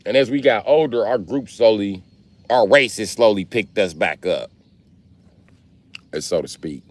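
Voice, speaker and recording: A young man with a very low voice rambles through a casual live stream, swearing freely and talking straight to his chat. His talk wanders from one story to the next in an easy, unpolished flow. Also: a little slow, a little mellow, no room sound. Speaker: livestreamer.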